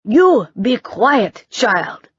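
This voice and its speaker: Woman narrator as a slow, haughty older man lecturing. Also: lowish voice, expressive, breathy edge, dry recording, highs cut off, exaggerated voice. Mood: condescending. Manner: snappish, condescending. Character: stern, pompous older uncle.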